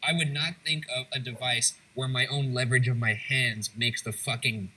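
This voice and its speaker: Bright-voiced man narrating a prison tour. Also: medium pitch, fairly even intonation, normal speed, slight background noise, low-quality recording. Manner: dry, matter-of-fact, swears casually. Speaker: show host, guide. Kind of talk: documentary narration and banter. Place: old prison cell block.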